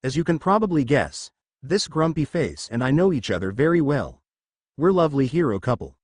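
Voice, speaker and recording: A man's voice: on the high side, very animated, brisk, breathy edge, no room sound, clean studio sound. A man voicing a cheerful, flirtatious adult woman hero with a teasing, playful manner, in a storybook reading.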